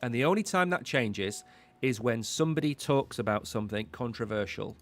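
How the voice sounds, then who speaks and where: A man's voice: medium pitch, animated, normal speed. Male host, casual live market commentary, rambling and conversational, mid-range voice, faint music underneath. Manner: chatty, rambling, repeats words while thinking.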